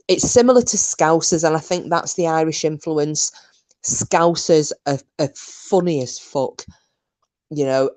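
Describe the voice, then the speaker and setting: A woman with a notably low voice talks loosely to her live chat. She rambles from one thought to the next, doubling back on her words. It sounds like a relaxed home stream on a computer mic. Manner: chatty, rambling, many restarts and fillers. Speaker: livestream host. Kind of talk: casual chat with live viewers.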